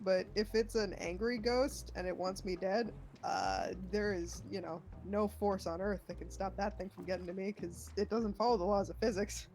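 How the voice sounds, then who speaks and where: A woman streamer hosting a relaxed casual chat with a friend while playing a game, telling stories in a dry, easygoing way. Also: medium pitch, normal speed, hardly any pauses. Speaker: streamer host.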